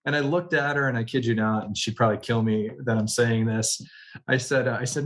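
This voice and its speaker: A man speaks as a guest on a podcast. He tells his story in an animated way, acts out the people he quotes, and laughs often. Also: mid-range voice, a little fast. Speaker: guest, general manager.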